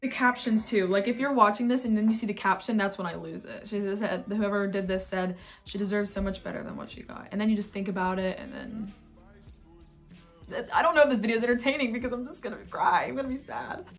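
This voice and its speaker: Young woman, casual reaction vlog, soft musing talk, faint music behind. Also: mid-range voice, fast talker. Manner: soft-spoken, musing, filler-heavy. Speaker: vlogger reacting to videos.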